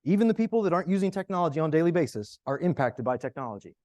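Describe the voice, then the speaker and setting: A man speaks from a conference stage, his voice sitting a little high and swinging widely as he works through a story. He talks conversationally and keeps checking in with the audience with quick "right?" and "okay?" tags. The sound is dry and close, with little room around it. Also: no echo. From United States. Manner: animated, conversational, frequent "right?" and "okay?" asides. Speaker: conference presenter.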